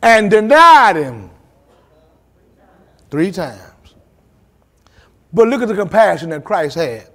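Lively preaching pastor, high voice. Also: male voice. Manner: preachy, dramatic pauses, acts out quotes, colloquial asides. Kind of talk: Bible study sermon. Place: church.

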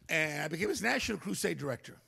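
An older male pastor telling a story during a sermon, animated, acting out other people's voices. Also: a little high, gravelly, husky. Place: church.

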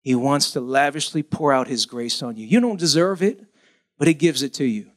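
A man preaching a sermon as pastor, animated, acting out pleading voices in a high whine. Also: fairly quick.

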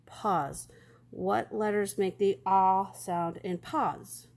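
Slow, careful woman teaching phonics. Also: mid-range voice, steady tone, vocal fry, a little mellow. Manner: slow, careful sounding-out of words. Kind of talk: phonics lesson for young children.

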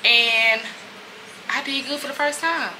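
A woman's voice: sits high, a little slow, background noise. A woman chatting candidly to camera as a lifestyle vlogger, often calling her viewers y'all. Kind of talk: casual chat to camera.

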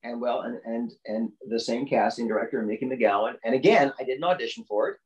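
A voice actor man telling stories as a podcast guest. His voice sits in the middle range, and he jumps high in pitch to act out quoted lines. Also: fairly quick, low-quality recording. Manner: animated storyteller, acts out quotes with big pitch jumps. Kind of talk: storytelling in a podcast interview.

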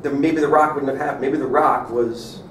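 A man's voice: mid-range voice, steady tone, normal speed, fairly bright tone. A man, a student in a class, asking questions and thinking aloud. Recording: echoey room, speaker far from mic, faint noise.

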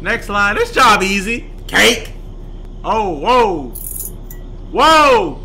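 A young man playing a horror game on a desk mic, jumpy and yelling in slang. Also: high-pitched, lively intonation, very slow, long pauses, background noise. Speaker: gaming YouTuber. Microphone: desk microphone.

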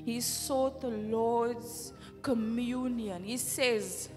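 A woman's voice: fairly high pitch, steady tone, extremely slow. A woman pastor with a South African accent, preaching a fervent sermon full of rhetorical questions in a church hall. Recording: reverberant hall with faint music.

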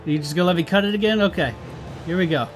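A man's voice: high-pitched, fast, soft background music. A man giving casual gameplay commentary on a let's play, swearing and exasperated, talking back at the game.

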